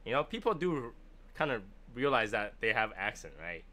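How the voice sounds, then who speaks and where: A man with a Chinese accent hosts a relaxed cigar-review livestream. His voice is bright and forward at a middling pitch, and he chats and jokes loosely as he answers comments. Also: moderate pace. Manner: chatty, joking, answers viewer comments. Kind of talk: casual live chat.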